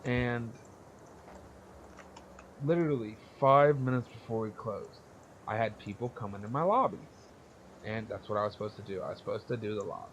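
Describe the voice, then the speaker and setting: A man's voice: on the low side, moderate pace, pauses often, a little hiss or hum. A young man casually telling a story on a podcast, blunt and profane, rambling and laughing as he goes. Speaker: podcast co-host.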